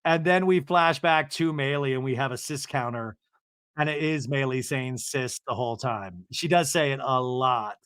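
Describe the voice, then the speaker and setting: A man hosting a podcast, recapping a reality show in an animated, sarcastic way and swearing freely. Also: medium pitch, normal speed, clear, resonant tone, no echo, clean studio sound. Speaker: podcast host.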